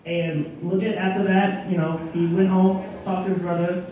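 A young man doing stand-up at an open mic, halting and self-deprecating with lots of ums. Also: sits high, flat delivery, muffled recording. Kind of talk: stand-up comedy. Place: bar stage at open mic night. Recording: echoey room, far from mic, faint noise.

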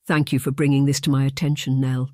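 A man's voice: mid-range voice, level tone, fast, darkish tone, dry recording, clean studio sound, natural voice. A narrator voicing a tired, troubled nobleman in his thirties who speaks in a tense, clipped way. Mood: weary. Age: 30s.

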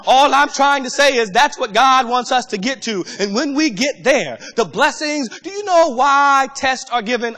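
A man preaching a sermon as pastor, impassioned and rising to shouts. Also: very high voice, lively intonation, moderate pace, hardly any pauses, in a large hall.

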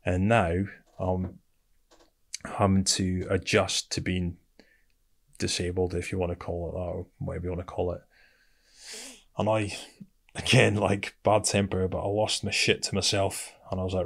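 A middle-aged man with a British accent speaks in a low, gravelly voice. He tells his story bluntly and casually, like a chat with a friend, and keeps calling the listener "mate". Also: little pitch movement, normal speed, pauses often. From Britain. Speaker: guest, military veteran.

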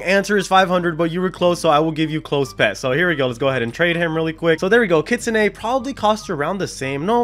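A man with a slightly raised voice narrates his gameplay as a video host. He talks excitably, breaking into gasps and laughs as he goes. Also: a little high. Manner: excitable, gasping and laughing often. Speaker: YouTube gaming host. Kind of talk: gameplay commentary.

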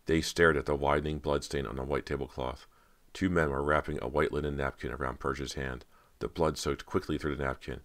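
A man reading a horror audiobook in a steady, dramatic way. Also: extremely low pitch, fairly quick. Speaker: audiobook narrator. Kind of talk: scripted narration of a horror novel.

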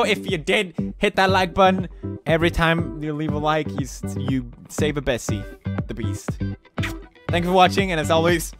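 A young man in his twenties giving loud, goofy, swearing commentary while he plays a game. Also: fairly high pitch, normal speed. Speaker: gaming video host. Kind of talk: gameplay commentary. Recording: game music in the background.

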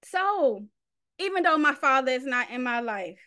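A high, bright-voiced woman leads a faith panel at an event. She talks fervently, like a preacher, and often slips in "like" between thoughts. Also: big pitch swings, a little slow. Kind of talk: faith-based panel talk. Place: event stage.

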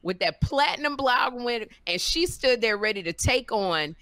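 A middle-aged woman hosting a podcast, telling stories in a lively, animated way and acting out what people said. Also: fairly high pitch, normal speed, dry recording. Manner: animated storyteller, acts out quotes. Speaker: podcast host. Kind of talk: casual chat, storytelling.

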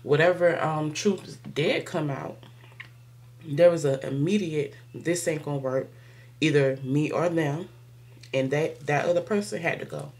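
A woman's voice: low-pitched, unhurried, a little mellow. A woman giving a casual, slangy tarot reading, talking to her viewers and laughing often. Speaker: tarot reader.

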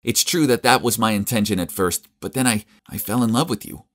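Scheming vengeful young woman for an animated story, put on by a male narrator, pitched well up and strained. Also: brisk. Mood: pleading.

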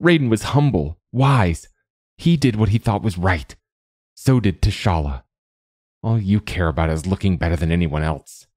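A man's voice: lively intonation, normal speed, a little mellow, no echo, studio quality. A man raising his voice to play a giggling young monk who mocks and gloats alongside a bully. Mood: mocking. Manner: giggling, mocking, higher voice. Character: giggling young male monk, mocking sidekick.

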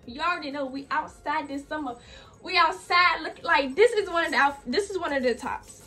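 A woman's voice: high voice, fairly quick, pushed and bright. A young woman vlogger, chatty and a bit out of breath, talking through a clothing DIY tutorial with lots of "like" and "y'all". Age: young adult. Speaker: fashion vlogger. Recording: from a distance off the mic, faint music behind.

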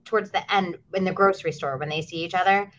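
A chatty woman on a discussion panel who keeps acting out little quoted lines. Her voice is bright and sharp, and the audio is dull and lo-fi. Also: fairly low pitch, steady tone, quick pace.

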